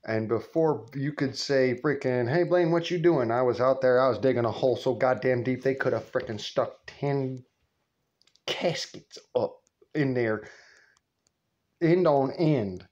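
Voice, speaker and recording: A man's voice: medium pitch, a little slow, a little mellow, muffled recording. A man telling a story in a rambling, profane, colloquial way. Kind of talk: casual storytelling vlog.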